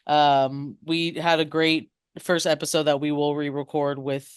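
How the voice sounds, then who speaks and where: A woman's voice: low-pitched, level tone, a little slow, clean tone, no room sound, studio quality. A woman co-hosting a podcast in casual chat, laid-back, swearing freely and laughing often. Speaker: podcast co-host.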